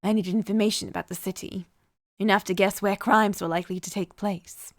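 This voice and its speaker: A woman reading a cold, calm young man who craves violence, in an even, measured voice while reading a game aloud. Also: medium pitch, no echo, studio quality, close to an everyday voice.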